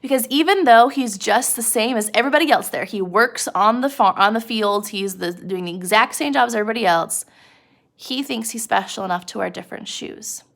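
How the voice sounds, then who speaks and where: A young woman explaining a novel in a loose, conversational way, often speaking straight to the listener. Her voice carries a noticeable gravelly fry. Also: on the high side, a little fast, a bit bright. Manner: chatty, uses many fillers, addresses listener directly. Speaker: teacher. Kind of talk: casual literature lesson.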